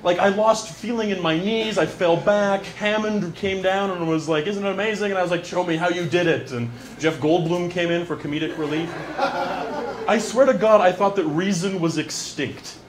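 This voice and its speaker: A man doing a stand-up comedy monologue into a handheld microphone in a small venue, wry and deadpan with quick asides. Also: high-pitched, slight background noise.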